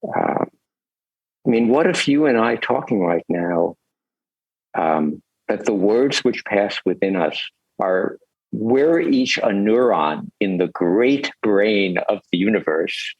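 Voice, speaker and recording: A man's voice: lowish voice, expressive, slow pace, husky, no room sound, muffled recording. An older man, a Zen teacher, telling stories as a podcast guest in a rambling, reflective way with chuckles. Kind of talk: storytelling in a podcast interview.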